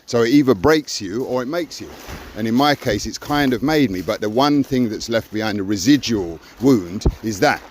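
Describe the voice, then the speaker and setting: A man's voice: medium pitch, expressive, moderate pace. Earnest older man, faint noisy room. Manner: earnest, keeps saying "you see". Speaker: podcast co-host. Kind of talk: raw personal conversation.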